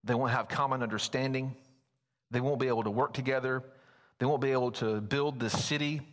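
A man's voice: medium pitch, fairly quick. A man preaching a sermon as pastor, folksy and telling stories. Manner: folksy, storytelling, animated at times. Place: church sanctuary. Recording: long church reverb.

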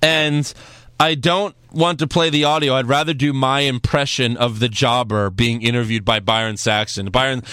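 A man co-hosting a casual podcast, sarcastic and quick to laugh. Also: medium pitch, steady tone, bright, forceful tone, smooth, no echo, studio quality. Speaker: podcast co-host. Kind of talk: casual chat.

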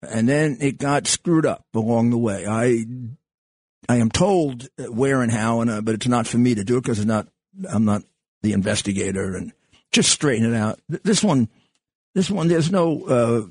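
An older man hosts a talk radio show in a husky, slightly rough voice. He rambles with halting restarts and plenty of fillers. The sound is dry and close, with no room around it. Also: mid-range voice, a little mellow, no echo. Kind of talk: casual talk radio monologue.

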